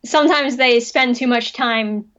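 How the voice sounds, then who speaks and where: A woman's voice: a little high, unhurried, fairly bright tone, lo-fi sound. A woman guesting on a livestream, chatting casually and giggling often. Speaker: guest on a stream. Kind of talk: casual chat.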